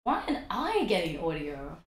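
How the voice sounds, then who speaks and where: A woman's voice: on the low side, huge pitch swings, moderate pace, echoey room. A woman streaming a game live, chatting and swearing freely with her chat and sing-songing greetings, her voice a bit worn out.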